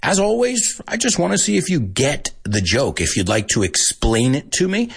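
American male host, husky, very expressive pitch, relaxed teaching chat. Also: normal speed. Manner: animated, chuckles often, switches between English and Spanish. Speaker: language teacher and podcast host. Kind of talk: casual podcast lesson.

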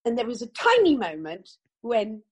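Older woman, husky and lively. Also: a little high, moderate pace. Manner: lively, animated storytelling with acted quotes. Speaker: actress. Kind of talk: interview chat.

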